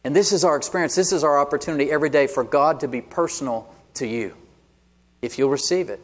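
A man's voice: fairly high pitch, fast talker. A man preaching a sermon as pastor, conversational and often asking the congregation "Amen?". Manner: call-and-response "Amen?" asides, conversational.

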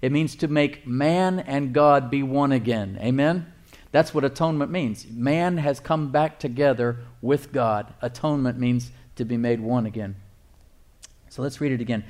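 A male pastor preaching a sermon, emphatic, repeating phrases and reading scripture slowly. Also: medium pitch, a little mellow.

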